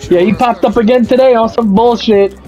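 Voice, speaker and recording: Young male streamer, high-pitched, profane storyteller; lo-fi mic with soft music bed. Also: a little fast. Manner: profane, animated storytelling with quoted voices. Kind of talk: casual rant over gameplay. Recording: slightly muffled, faint music.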